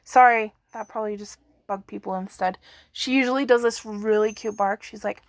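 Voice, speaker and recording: A woman's voice: medium pitch, steady tone, normal speed, dry recording, clean studio sound. A woman giving a casual, rambling video update as an earthquake forecaster, with many fillers.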